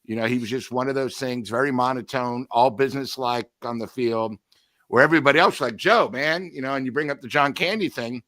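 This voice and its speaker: A man co-hosting a sports talk show, telling relaxed, rambling anecdotes. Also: medium pitch, fast, no echo, studio quality. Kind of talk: casual sports chat.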